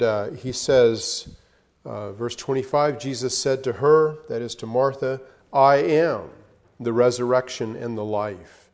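A man's voice: mid-range voice, a little mellow. A man teaching a Bible study, reading scripture aloud and explaining it with plain fillers and strong emphasis.

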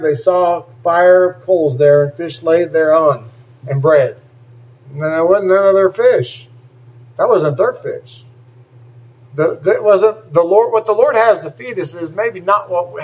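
Man preacher, fairly high voice, scripture reading with emphatic asides, muffled lo-fi sound. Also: a little slow, darkish tone. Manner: reads scripture aloud and breaks in with plain, emphatic asides. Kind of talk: sermon. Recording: dull lo-fi recording.

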